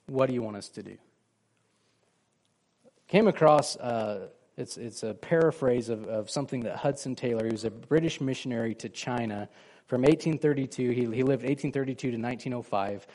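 Brisk and animated, a pastor with a mid-range, darkish voice preaches in a conversational style. He asks his listeners questions and performs the lines spoken by the figures in his story.

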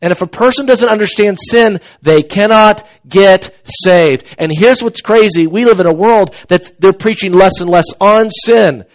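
A high-pitched man delivers a sermon from the pulpit, talking in a loose, conversational way that turns animated as he tells the story. The sound is muffled and lo-fi, like an older church recording. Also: measured pace, few pauses. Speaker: pastor.

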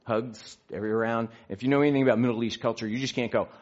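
A man telling a personal story in an animated way, acting out the quotes. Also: medium pitch, very fast. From United States. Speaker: speaker sharing a faith story. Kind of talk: storytelling talk. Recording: dull lo-fi recording.

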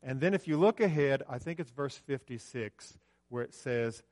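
A man preaching a sermon in a church, conversational, alternating loud emphasis with quiet asides and giving cues to the slide operator. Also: mid-range voice, lively intonation, normal speed. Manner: directs the slide operator mid-talk. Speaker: pastor. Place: church sanctuary with a screen.

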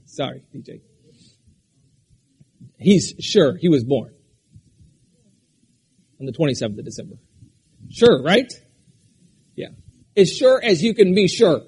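Husky, high-voiced preaching man. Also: animated, slow pace, pauses often. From Alaska. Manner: preaching with sudden shouts and drops to a quiet conversational tone. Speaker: pastor. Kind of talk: sermon.

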